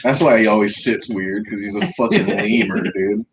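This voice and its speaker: A man's voice: fairly low pitch, moderate pace. A man co-hosting a podcast, trading crude, profane jokes and teasing his friend in casual banter. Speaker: podcast co-host.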